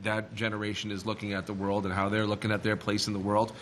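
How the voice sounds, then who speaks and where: A man from Boston with a Boston accent, a board member speaking in a meeting, animated and full of restarts. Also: fairly low pitch, fast, a little hiss or hum. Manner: animated, rambling, frequent restarts.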